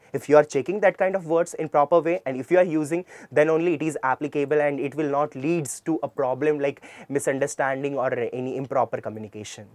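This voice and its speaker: Spelling words letter by letter and repeating them with emphasis, a man with an Indian English accent lectures a class on English pronunciation. The voice is a little high, and the recording is dry.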